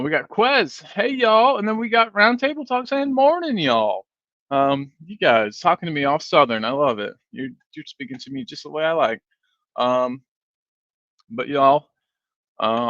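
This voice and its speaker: A man's voice: a little high, animated, normal speed, fairly bright tone, no room sound. A sleepy man hosting a fan live stream, rambling casually and reading viewer comments aloud. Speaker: fan channel host. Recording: dull, dry stream audio.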